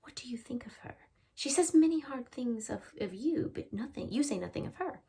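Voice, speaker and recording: A woman voicing an eerie old woman, speaking in a hushed, unvoiced whisper. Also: sits high, animated, a little slow, voice pushed up. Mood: secretive.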